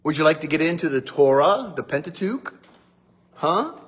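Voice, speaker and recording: A man's voice: a little high, moderate pace, a little hiss or hum. A middle-aged male pastor chatting casually and joking to his congregation, still getting over a cough. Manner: chatty, joking, animated asides. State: recovering from a cough. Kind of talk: casual morning livestream chat.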